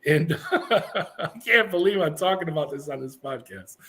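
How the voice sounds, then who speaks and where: Animated middle-aged man telling a story. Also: fairly high pitch, moderate pace. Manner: animated storyteller acting out quoted voices. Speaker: podcast guest. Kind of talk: casual storytelling.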